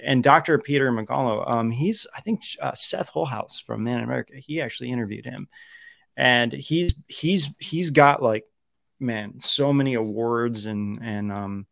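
Man, young adult, host, casual rambling talk, gravelly, dry. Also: medium pitch, a bit bright, dry recording. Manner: rambling, many fillers and restarts. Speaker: show host. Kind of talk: casual live-stream talk.

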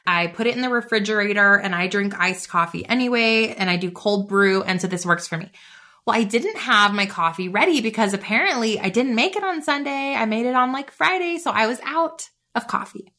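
A bubbly woman in her thirties hosts a faith-based motivational podcast. Her voice is bright and forceful and sits a little high, and she talks in a chatty, upbeat way peppered with "like.". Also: brisk. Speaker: podcast host.

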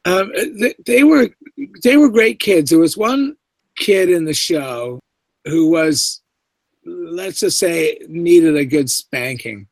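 A man's voice: a little high, animated, slow, no echo, rough recording. A middle-aged man from Canada with a faint English inflection in his speech, chatting loosely as an interview guest and often restarting his sentences. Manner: rambling, many restarts and asides. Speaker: guest actor. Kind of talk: casual interview chat.

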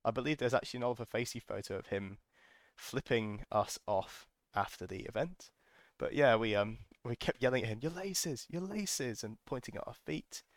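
A man's voice: on the low side, fairly quick, no room sound, clean studio sound. A man hosting a podcast, telling a casual, enthusiastic story full of ums and restarts. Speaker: podcast host.

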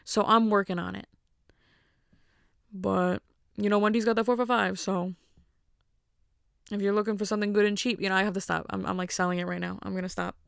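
A chatty woman hosts her podcast alone and rambles in a self-mocking way. Her voice is smooth and clear. The sound is close and dry. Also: mid-range voice, fairly even intonation, fairly quick, pauses often, fairly bright tone, no echo. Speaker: podcast host. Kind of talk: casual solo monologue.

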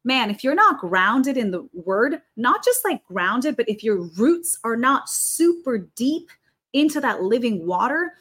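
A woman's voice: a little high, big pitch swings, a little slow, fairly bright tone. A woman talking as a podcast guest in a fervent, preaching manner, stressing her points by repeating them. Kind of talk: conversational preaching.

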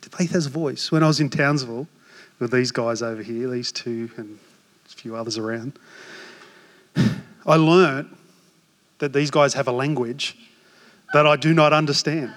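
An Australian man in his forties, a pastor preaching a sermon with animated, self-mocking stories. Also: mid-range voice, moderate pace, pauses often. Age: 40s. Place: church hall. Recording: long hall reverb.

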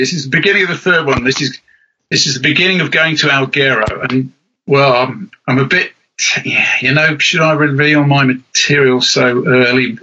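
A man's voice: on the high side, dull audio, noisy background. A middle-aged man, a rally commentator and author, telling self-deprecating stories in a chatty interview. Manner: animated storyteller, self-deprecating.

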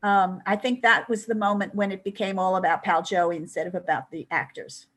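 A woman's voice: mid-range voice, fairly even intonation, brisk, a bit bright. An older woman, a guest in an interview, telling long stories in a chatty way with many asides. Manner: chatty storytelling, many "you know" asides. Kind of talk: anecdotal interview.

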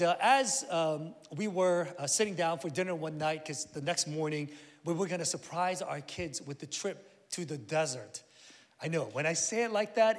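A middle-aged man preaching a sermon, telling a family story with lively acted-out voices. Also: sits high. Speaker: pastor. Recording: long hall reverb.

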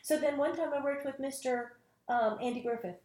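A woman actress as an interview guest, telling lively stories about her career and acting out the people in them. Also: high voice, normal speed, reverberant. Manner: animated storyteller, acts out quotes. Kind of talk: casual interview storytelling.

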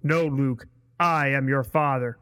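A man voicing a stern, dark male armored lord while reading a storybook aloud slowly. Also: mid-range voice, fairly even intonation, pitched below the performer's own voice, lightly acted. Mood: menacing. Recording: long hall reverb.

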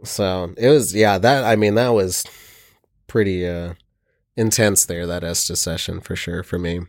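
A man's voice: low-pitched, fairly even intonation, measured pace, no room sound, clean studio sound. A man in casual chat, telling an earnest, rambling account.

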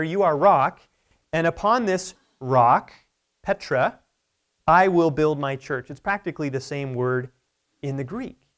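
A man preaching a sermon from the pulpit, explaining scripture in an emphatic, conversational way and often checking in with "right?". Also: on the high side. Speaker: pastor. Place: church sanctuary pulpit.

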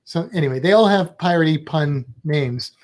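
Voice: mid-range voice, normal speed, a little mellow. A travel vlogger in casual chat, rambling and chatty with playful asides.

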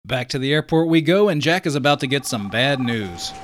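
A man's voice: mid-range voice, lively intonation, brisk, fairly bright tone. A man hosting a podcast, narrating in a breezy, scripted way and introducing guests. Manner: breezy, conversational. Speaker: podcast host.

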